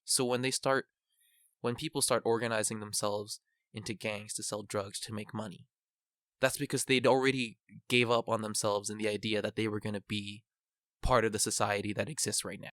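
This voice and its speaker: A man's voice: lowish voice, little pitch movement, moderate pace, fairly bright tone, no echo, clean studio sound. A man co-hosting a podcast, explaining his points earnestly in casual talk. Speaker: podcast co-host.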